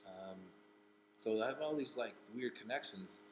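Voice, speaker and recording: Rambling low-voiced man telling a story. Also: moderate pace, a little hiss or hum, low-quality recording. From Rhode Island, US. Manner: rambling, with many restarts. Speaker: comedian and actor. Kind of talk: casual personal storytelling.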